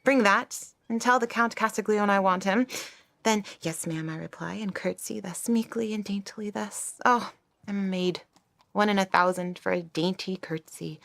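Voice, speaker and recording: A woman's voice: mid-range voice, normal speed, vocal fry, fairly bright tone, no echo. A woman playing a vain, scornful young maidservant in a stage play, delivered with haughty mockery. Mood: daydreaming.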